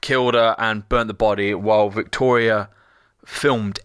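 A man's voice: lowish voice, steady tone, unhurried, a bit bright, clean tone, dry recording, studio quality. A man, co-hosting a casual chat and narrating a TV plot in detail with sweary asides. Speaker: podcast co-host. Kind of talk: casual chat recapping a TV episode.

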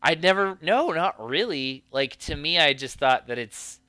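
Bright, crisp-voiced male co-host. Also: on the high side, animated, unhurried, no room sound, clean studio sound. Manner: jokey, thinks aloud with restarts. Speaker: podcast co-host. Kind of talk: casual chat.

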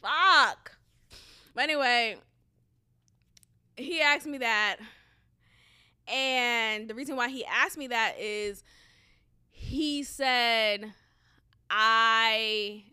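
A woman's voice: on the high side, extremely slow, long pauses, pushed and bright, clear, resonant tone. A young woman of Haitian background telling a story in a chatty, casual way, laughing often and swearing freely.

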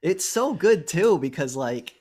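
A man's voice: a little high, measured pace. A young man co-hosting a movie review podcast, recapping a horror film in casual, profane chat and acting out the characters' lines. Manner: profane, animated retelling with acted-out lines.

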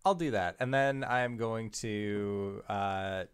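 A man with a lowish voice plays a tabletop game. He talks slowly in a relaxed way and takes his time over each thought. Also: smooth. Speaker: player. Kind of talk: casual tabletop play.

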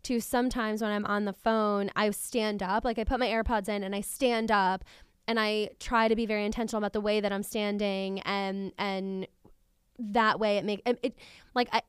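A woman hosting a casual podcast conversation, chatty and quick to laugh. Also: medium pitch, flat delivery, clear, resonant tone, no room sound, studio quality.

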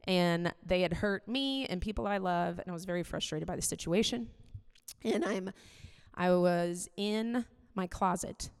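Woman giving a chatty sermon, kinda low voice, big echoey hall. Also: unhurried, smooth. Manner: conversational, candid, many "like" fillers. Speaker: preacher. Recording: long reverb of a hall.

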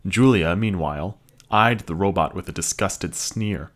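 A man narrating a science-fiction story in an expressive, dramatic reading style. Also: low-pitched, measured pace. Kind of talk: scripted audiobook narration.

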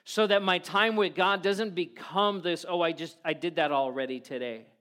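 A man preaching a sermon, earnestly quoting prayers and scripture, often dropping suddenly soft. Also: high voice, steady tone, moderate pace. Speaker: pastor.

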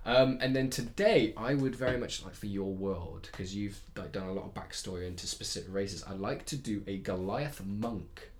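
A man co-hosting a podcast, chatting casually in an excitable, rambling way. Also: on the low side, normal speed, hardly any pauses. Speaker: podcast co-host. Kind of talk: casual chat.

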